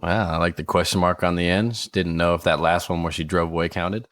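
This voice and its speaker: Brief: man, podcast co-host, very low voice, teasing casual chat, dry studio sound. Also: level tone, fairly quick, a bit bright, no room sound. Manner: teasing, laughs often.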